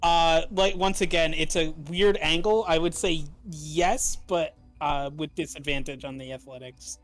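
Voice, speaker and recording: A man's voice: fairly high pitch, fairly even intonation, a little slow, soft background music. A man narrating and ruling as game master in a tabletop role-playing game, talking with many fillers and restarts. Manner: hesitant, filler-heavy rulings.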